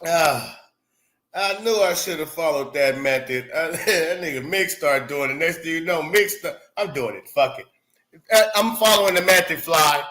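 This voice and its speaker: Bright-voiced laughing livestream host man. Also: a little high, moderate pace. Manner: loose, laughing, swearing, reads chat aloud. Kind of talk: casual livestream chat.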